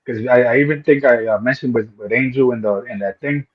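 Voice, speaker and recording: A man's voice: mid-range voice, brisk, highs cut off. A man in a casual chat who talks insistently, repeating words and restarting sentences.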